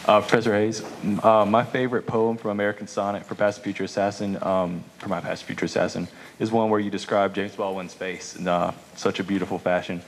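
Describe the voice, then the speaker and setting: Deep flat voice echoing from a hall. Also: male voice, quick pace, slight background noise. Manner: hesitant, stumbling over titles. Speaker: audience member asking a question. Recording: far, long hall reverb.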